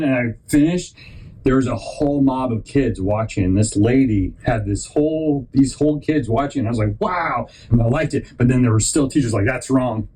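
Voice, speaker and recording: A man's voice: mid-range voice, dark tone, husky, low-quality recording. A man hosting a podcast, telling a long rambling story and acting out other people's lines in put-on voices. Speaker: podcast host.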